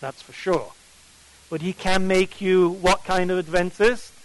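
A man's voice: high-pitched, a little slow, pauses often, no echo, poor audio. A man with an English accent preaching at a morning Bible study, emphatic and often putting questions to his listeners. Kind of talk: sermon.

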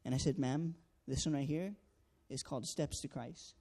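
A man shares an earnest personal testimony about his time as a door-to-door canvasser, acting out the dialogue and using many fillers. His voice is warm, fairly high-pitched and slightly rough, at a moderate pace.

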